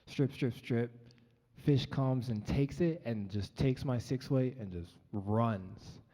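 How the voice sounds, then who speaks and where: A man's voice: mid-range voice, slow pace, dark tone. Earnest young man telling a story on stage. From Colorado. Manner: earnest, conversational, with frequent ums. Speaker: featured storyteller. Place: large event hall, on stage. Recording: dull, echoey live hall recording.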